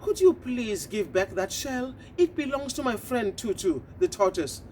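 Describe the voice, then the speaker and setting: A woman voicing a polite, brave male wild duck in a storybook tale, brisk and courteous. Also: on the high side, very animated, a little mellow, a little hiss or hum.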